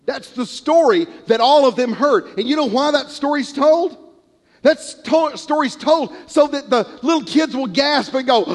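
A male preacher delivers a sermon, telling a parable with animated, storytelling energy. His voice sits high for a man, and a long reverb of a large hall trails behind every phrase. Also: measured pace. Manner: animated storytelling, acting out characters.

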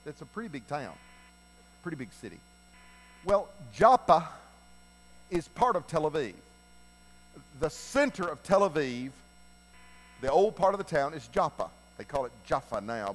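A male preacher with a fairly high voice, telling a Bible story in a folksy, animated manner. He preaches in a church sanctuary, and his voice carries with a long hall reverb. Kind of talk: sermon retelling a Bible story.

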